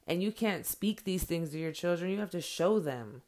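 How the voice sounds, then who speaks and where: A woman's voice: fairly low pitch, expressive, normal speed, darkish tone. Earnest plain-spoken mother vlogging. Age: adult with children. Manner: earnest, blunt, swears freely, many fillers. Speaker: vlogger addressing followers. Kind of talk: heartfelt direct-to-camera monologue.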